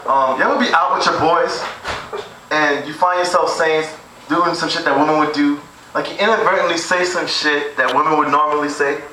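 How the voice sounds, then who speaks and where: A man's voice: on the high side, steady tone, fairly quick, bright, forceful tone, a little hiss or hum. A young man rehearsing crude stand-up jokes at home, rambling and laughing at his own material. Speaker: amateur stand-up comic. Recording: echoey room, far from camera mic.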